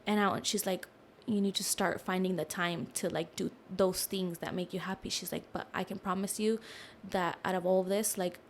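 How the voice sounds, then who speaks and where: A young woman, a podcast guest, telling a personal story in a casual, animated way, full of fillers, with lowered voices when she quotes others. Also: normal speed, a little hiss or hum.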